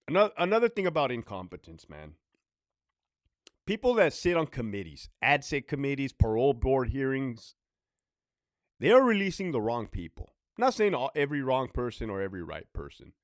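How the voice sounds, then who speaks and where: A man's voice: medium pitch, big pitch swings, normal speed, pauses often, no room sound, clean studio sound. A former prison officer telling stories in a casual monologue, blunt and profane, hammering his points by repeating them. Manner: blunt, profane, repetitive ranting.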